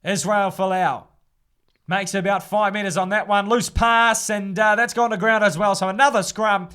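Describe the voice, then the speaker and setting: A man doing casual live play-by-play rugby commentary, brisk and chatty. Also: high voice, fairly even intonation, bright, forceful tone, clear, resonant tone. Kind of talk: live fan sports commentary.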